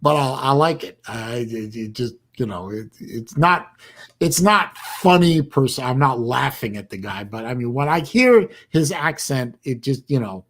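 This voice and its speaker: A man hosting a casual livestream chat, talking in a rambling, halting way with bursts of dry sarcasm. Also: mid-range voice, animated. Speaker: livestream host.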